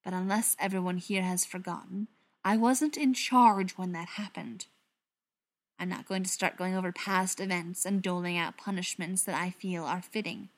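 A woman reading an audiobook, voicing a male gang leader who talks in a sharp, firm, impatient way. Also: lowish voice, steady tone, normal speed, lightly acted.

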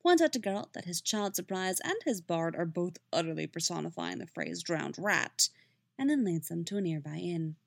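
A woman narrating a fan fiction story with expressive storytelling. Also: on the low side, moderate pace, vocal fry, no echo.

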